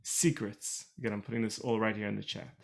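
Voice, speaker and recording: A man's voice: fairly low pitch, little pitch movement, brisk, creaky. A man teaching Torah in an online class over a video call, explaining in a chatty way and repeating key phrases.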